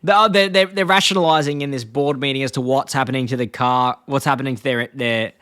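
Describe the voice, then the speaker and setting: His tone is steady, smooth, pushed, and bright, and he talks fast while co-hosting a podcast about episodes. The young man rambles casually, performing quoted lines with sudden pitch jumps and frequent laughter.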